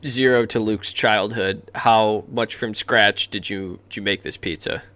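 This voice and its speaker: A man's voice: on the low side, steady tone, pushed and bright. A young man co-hosting a casual podcast, joking around and teasing his friends. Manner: joking, playful, quick to laugh. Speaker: podcast co-host. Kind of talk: casual chat.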